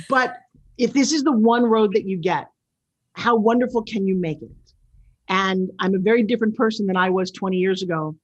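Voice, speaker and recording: A woman in her sixties with a New York accent, hosting a show in a loud, brash, animated way. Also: medium pitch, fast talker, dull audio. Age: 60s. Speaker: show host. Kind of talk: casual talk-show monologue.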